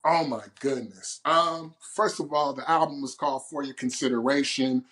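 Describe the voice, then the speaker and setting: A man from Oakland speaking as a guest in an interview. He tells his story with boisterous, animated energy at a mid-range pitch. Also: moderate pace. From Oakland, California. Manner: animated, storytelling, boisterous and loud when excited. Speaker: guest poet. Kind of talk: interview conversation.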